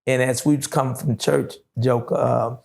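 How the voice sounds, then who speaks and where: A middle-aged man with a gravelly, fry-laden voice settles into a long story for an interviewer. He drawls through it at an easy pace, full of "uh"s and "you know what I'm saying". His pitch sits right in the middle for a man. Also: little pitch movement, a little mellow. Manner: slow, drawling storytelling with many fillers. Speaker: interview guest.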